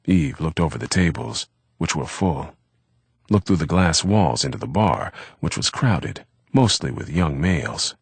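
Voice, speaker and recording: Male audiobook narrator, very low voice, husky, dry close recording, measured steady reading. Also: no echo.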